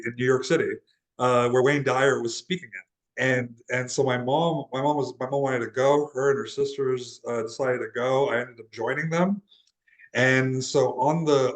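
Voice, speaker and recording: A young man from Laredo, Texas, USA, appears as an interview guest and transformational guide, telling a personal story. He speaks earnestly and casually in a mid-range voice, often restarting and repeating words. The audio is poor.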